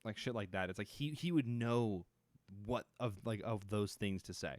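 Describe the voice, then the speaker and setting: A young man hosting a live stream, rambling loosely with lots of restarts and casual swearing. His voice sits fairly low. The sound is close and dry. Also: moderate pace, darkish tone, dry recording. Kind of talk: casual chat.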